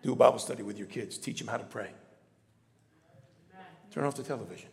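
A man preaching a sermon as pastor, asking the congregation for call-and-response and swinging from low murmurs up to shouts. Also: brisk, creaky, in a large hall.

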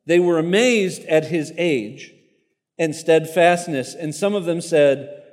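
A man's voice: on the high side, expressive, unhurried, darkish tone, in a large hall. A man preaching a sermon, reading a martyr story aloud in an earnest tone with casual asides to the congregation.

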